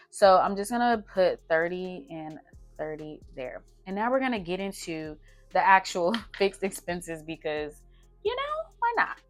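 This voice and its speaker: A young woman, chatting casually through her budget and talking to herself as she adds up numbers. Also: lowish voice. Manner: chatty, talks to herself while doing math. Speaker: budgeting vlogger.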